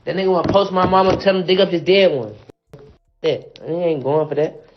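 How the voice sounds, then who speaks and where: A man's voice: high-pitched, fairly quick, muffled recording, background noise. Angry man ranting on a livestream. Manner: angry, repetitive, emphatic. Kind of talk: heated livestream rant.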